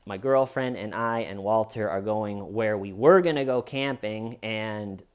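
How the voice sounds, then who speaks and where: A man's voice: unhurried, clear, resonant tone. Man retelling a story to camera. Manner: animated retelling, acting out quoted lines with higher pitch. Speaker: vlogger.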